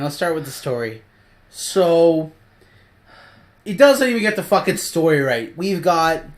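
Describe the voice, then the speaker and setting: Swearing exasperated woman reviewer. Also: low-pitched. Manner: swearing, exasperated, bursts into shouting. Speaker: host. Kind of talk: casual review chat.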